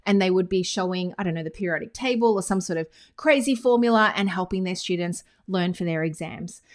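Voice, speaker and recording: An enthusiastic woman with an Australian accent talks straight to camera like a friendly business coach. She explains things in a casual, chatty way, often breaking off into quick asides, and her voice sits at an ordinary middle pitch. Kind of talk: casual teaching monologue to camera. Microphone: screen-recorded talking head with whiteboard.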